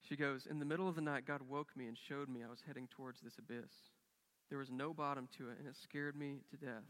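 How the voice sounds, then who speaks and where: A man's voice: mid-range voice, fairly bright tone, long reverb tail. A man preaching a sermon as a pastor, telling a story earnestly and acting out the quoted dialogue with rising and falling intensity. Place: church sanctuary.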